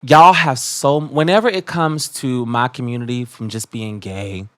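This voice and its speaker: Podcast guy going off, cussing, fired up, gets loud in spurts. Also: medium pitch, a little slow. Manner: fired-up, profane ranting with sudden loud bursts. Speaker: podcast co-host. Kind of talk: heated casual commentary.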